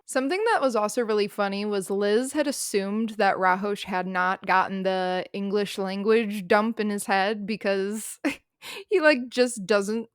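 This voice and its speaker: A young woman casually recapping a novel's plot in a chatty, animated way, full of fillers. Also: medium pitch, clean tone, no room sound, studio quality. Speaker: book reviewer.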